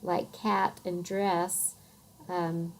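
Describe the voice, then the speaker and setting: A middle-aged woman with a Western American accent gives a recorded phonics lecture. Her voice sits a little low, and she speaks very slowly, pausing with soft fillers as she explains. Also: flat delivery, slight background noise, low-quality recording. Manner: unhurried, thoughtful, many soft fillers. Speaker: teacher.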